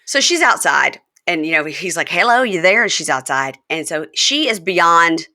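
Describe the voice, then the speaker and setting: A woman hosting a casual reality-TV chat, bright and forward in tone. Her natural pitch is a touch low, but when she quotes people she jumps into big, animated put-on voices. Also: moderate pace. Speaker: podcast host.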